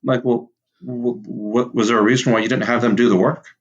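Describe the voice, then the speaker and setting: A man's voice: medium pitch, level tone, a little fast, lo-fi sound. A man who owns an auto repair shop, a guest on a podcast, talking casually. He often restarts his sentences and acts out his talks with customers.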